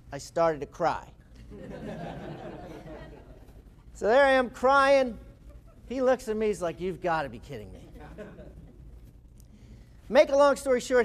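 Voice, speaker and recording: A man in his forties, an author and speaker, telling a lively anecdote in a talk. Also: high voice. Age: 40s. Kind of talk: storytelling talk.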